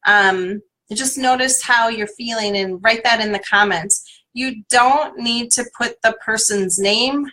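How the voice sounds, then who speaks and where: A woman's voice: fairly high pitch, measured pace, sharp tone. A woman leading a live tapping session as a coach, giving encouraging, step-by-step instructions to viewers. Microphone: livestream webcam.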